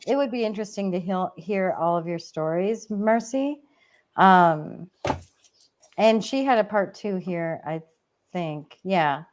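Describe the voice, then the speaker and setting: A woman co-hosting a casual online chat, telling personal stories and reading viewer comments, getting emotional and laughing often. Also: fairly low pitch. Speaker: co-host.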